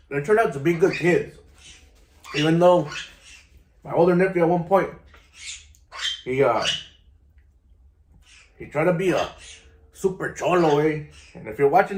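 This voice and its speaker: Laid-back vlogger man, lively voice. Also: on the high side, echoey room. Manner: laid-back, slangy, keeps saying "you know" and "vato". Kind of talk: casual storytelling to camera.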